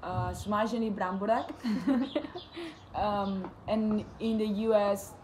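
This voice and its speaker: A woman's voice: medium pitch, steady tone, takes it slowly, a little mellow, slight background noise. A young woman from Spain chatting casually, hesitant and thinking aloud. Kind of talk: casual chat.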